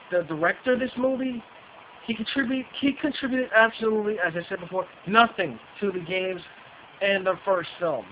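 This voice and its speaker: Profane, high-voiced man ranting. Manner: profane, repetitive, restarts sentences. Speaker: movie reviewer. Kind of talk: casual ranting review. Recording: dull lo-fi with faint hiss.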